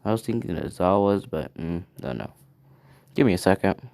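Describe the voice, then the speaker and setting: A man's voice: sits low, animated, normal speed, creaky, darkish tone. A man improvising a fan story aloud, rambling and hesitant as he thinks it up.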